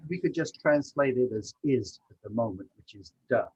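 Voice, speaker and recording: Husky man teaching on a video call. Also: mid-range voice, expressive, moderate pace, a little mellow, highs cut off. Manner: patient, explains with examples. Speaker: language teacher. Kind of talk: online language lesson.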